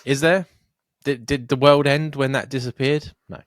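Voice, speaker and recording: A man's voice: medium pitch, steady tone, moderate pace, no echo, studio quality. A young man co-hosting a podcast, ranting and joking with plenty of swearing. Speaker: podcast co-host. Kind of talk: casual chat.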